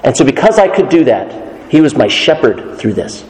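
A man preaching a sermon as pastor, earnest and measured, quoting scripture as he goes. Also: medium pitch, big pitch swings, darkish tone, reverberant, big-room sound, poor audio.

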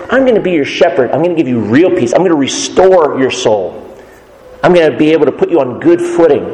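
A man's voice: fairly high pitch, darkish tone. Earnest preaching man in a reverberant church. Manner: earnest, measured preaching with scripture quotes. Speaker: pastor. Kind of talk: sermon.

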